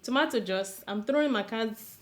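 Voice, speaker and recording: A woman's voice: fairly high pitch, moderate pace. A woman with a Nigerian accent, co-hosting a comedy show, who reads viewer emails aloud with chatty, amused asides. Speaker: co-host reading viewer emails. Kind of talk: reading emails aloud with banter.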